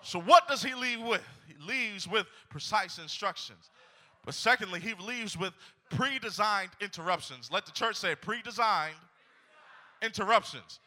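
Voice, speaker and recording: High bright-voiced male preacher. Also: lively intonation, moderate pace. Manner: storytelling, rising to shouted exhortation. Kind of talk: sermon.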